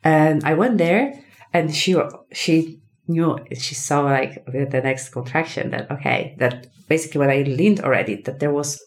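Lively woman telling a story. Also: sits low, moderate pace. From Poland. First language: Polish. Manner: animated, acts out quoted dialogue, many fillers. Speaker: podcast guest. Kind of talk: casual personal storytelling.

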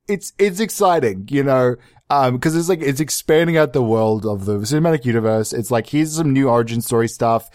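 A man hosting a podcast, ranting sarcastically in a profane, rambling comedic monologue, jumping into high mock-outraged bursts. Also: a little mellow, dry recording, studio quality. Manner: sarcastic, profane, tangent-prone. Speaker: podcast host.

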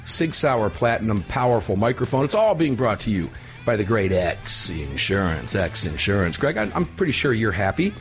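A man's voice: fairly low pitch, sing-song, normal speed, faint music behind. A man hosting a talk radio show, brash and joking, tired after an overnight flight. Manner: brash, joking, repeats himself.

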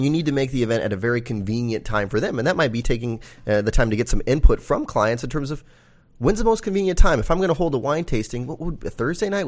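A man co-hosting a business podcast in casual conversation, talking through examples and laughing easily. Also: mid-range voice. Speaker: podcast co-host.

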